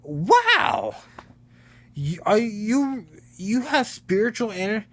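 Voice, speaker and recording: A man doing a gushing, high-voiced martial arts hero. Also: big pitch swings, slow, fairly bright tone, full character voice. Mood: amazed. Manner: gushing, wide-eyed amazement. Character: eager excitable male martial artist hero.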